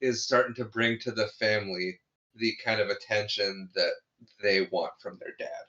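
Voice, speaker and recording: A podcast co-host with a lowish, fairly even voice talks at a normal speed, his sound pushed and bright with the highs cut off. In a casual movie review chat, he recaps a film scene by scene, restarting often and laughing as he goes.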